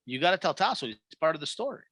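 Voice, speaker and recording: A man's voice: a little high, sing-song, racing, fairly bright tone, slightly rough, dry recording. A man co-hosting a sports podcast, teasing and wisecracking through casual banter. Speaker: podcast co-host.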